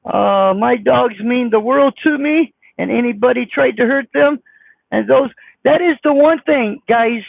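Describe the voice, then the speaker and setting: A man with a squeaky voice, chatting casually on a live stream as he reads viewer comments, blunt, defensive and folksy. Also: measured pace, creaky, no echo. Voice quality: squeaky high voice. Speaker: trucker vlogger reading live chat. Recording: dry, phone-like sound.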